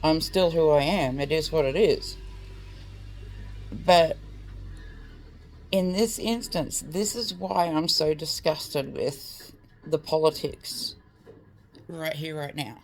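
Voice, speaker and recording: A woman's voice: sits low, takes it slowly, long pauses, darkish tone, slight background noise. An Australian woman vlogging, ranting straight to camera in a blunt, heated way, swearing freely and filling her talk with "like" and "mate".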